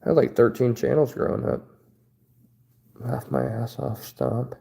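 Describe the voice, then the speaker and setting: A man's voice: mid-range voice, very animated, unhurried, creaky, warm tone. A man, likely in his thirties, hosting a casual livestream, reading chat aloud and trading loose, profane jokes with viewers. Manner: loose, joking, profane banter. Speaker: livestream host.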